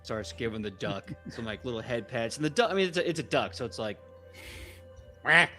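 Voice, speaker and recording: A man narrating as game master in a relaxed, chatty way. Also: medium pitch, fast talker, faint music behind.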